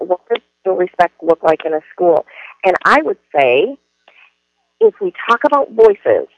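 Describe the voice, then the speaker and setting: A man's voice: high-pitched, dry recording, dull audio. A man who trains school staff, giving an earnest, explanatory presentation with frequent ums and restarts. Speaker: education trainer. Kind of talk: spoken presentation.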